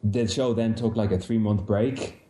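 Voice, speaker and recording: A man's voice: lowish voice, a little slow, dark tone, echoey room. A man giving matter-of-fact background in a casual anime chat.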